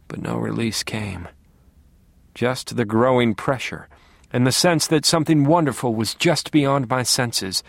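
A man narrating an audiobook in a calm, wry, low-key way, sometimes sinking to a near whisper. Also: no echo.

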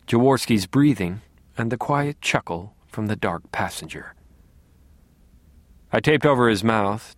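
A man narrating an audiobook in a calm, wry, low-key way, sometimes sinking to a near whisper. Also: no echo.

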